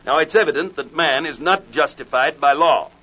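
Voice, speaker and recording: A man delivers a measured expository sermon, reading old-fashioned scripture with care. His voice sits a bit high and comes across bright and forceful. The recording is dull and lo-fi. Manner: measured, deliberate, reads scripture in King James wording. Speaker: preacher.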